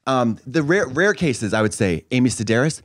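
A man's voice: medium pitch, animated, normal speed, a bit bright, a little hiss or hum. A man co-hosting a comedy podcast, talking in a campy, sardonic way and cutting in often. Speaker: podcast co-host. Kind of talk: casual comedic chat.

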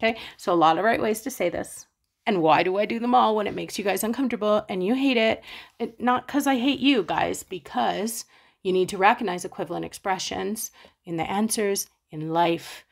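A woman's voice: mid-range voice, moderate pace, vocal fry. A woman teaching a math lesson, chatty and playful, talking straight to her students and acting out their questions. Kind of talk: casual explaining math lesson.

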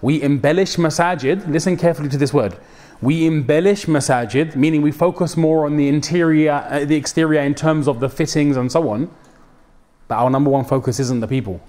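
A man's voice: a little high, steady tone, quick pace, dark tone. A young man giving a mosque talk, casual and slangy, acting out quoted voices as he preaches. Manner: code-switches with slang, dramatic quoted voices.

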